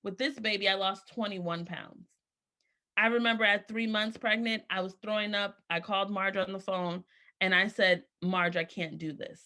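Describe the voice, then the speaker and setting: A woman's voice: mid-range voice, steady tone, normal speed, pushed and bright. A woman in her thirties giving an earnest, emotional personal testimony. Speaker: speaker sharing her story.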